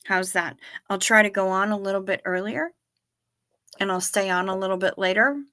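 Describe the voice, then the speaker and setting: A woman with a bright, clear tone talks casually to her viewers from her chair at home. She rambles along and often trails off. She is a little sleepy and keeps yawning. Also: mid-range voice, steady tone, normal speed. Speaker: livestream host. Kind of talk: casual livestream chat with viewers.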